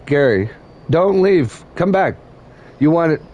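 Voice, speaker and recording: A man's voice: a little high, expressive, slow, darkish tone, muffled recording. A man hosting a gaming channel, chatting casually while he plays, rambling and laughing at his own jokes. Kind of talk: casual chat while playing a game.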